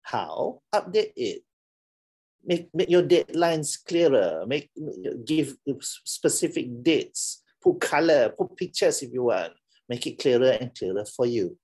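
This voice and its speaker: A man's voice: medium pitch, big pitch swings, unhurried, darkish tone, breathy edge. A middle-aged man with a Malaysian English accent, giving a playful, teasing classroom talk and laughing often. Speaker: lecturer.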